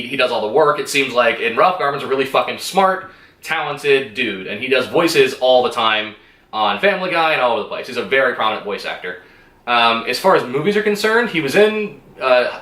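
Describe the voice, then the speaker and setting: A man's voice: medium pitch, sharp tone, roomy sound. A man giving a casual movie review, rambling and enthusiastic, swearing freely and laughing often.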